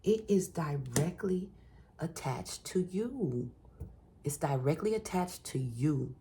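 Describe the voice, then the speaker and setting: A woman's voice: sits low, animated, slow pace, dark tone, a little hiss or hum. A woman giving an encouraging collective tarot reading, repeating phrases for emphasis and calling the listener baby and honey. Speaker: tarot reader.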